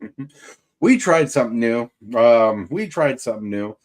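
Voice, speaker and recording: A man's voice: mid-range voice, lively intonation, moderate pace, a little mellow. A man hosting a casual livestream, chatting in a rambling way and greeting viewers by name. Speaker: livestream host. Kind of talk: casual chat.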